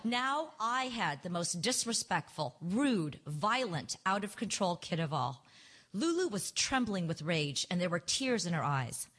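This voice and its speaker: A woman reads aloud from her own memoir in a live reading. Her husky voice is very lively in pitch, and her delivery is wry and expressive. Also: measured pace.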